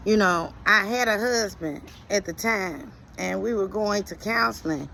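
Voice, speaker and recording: Slow, gravelly middle-aged woman preaching. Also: medium pitch, pushed and bright, a little hiss or hum, low-quality recording. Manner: earnest, slow and deliberate, preachy. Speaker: speaker sharing life lessons. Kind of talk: reflective motivational monologue.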